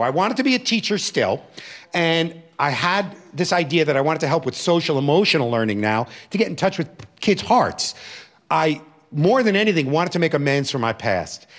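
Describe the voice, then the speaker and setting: A man telling a personal story from his teaching life to an audience, acting out the voices of the people in it. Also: fairly high pitch. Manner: animated, acting out quoted voices.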